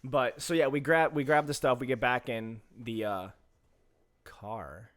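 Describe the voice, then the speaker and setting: A man's voice: medium pitch, fairly even intonation, measured pace, a bit bright. A young man casually telling a rambling, profane story on a podcast, laughing as he goes. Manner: rambling, profane, laughs through his stories. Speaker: podcast co-host.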